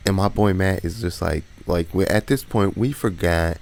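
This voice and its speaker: Low, gravelly man telling a story. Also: normal speed, few pauses, a little mellow. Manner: slangy, laid-back, laughs while telling. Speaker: vlogger. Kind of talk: casual storytelling.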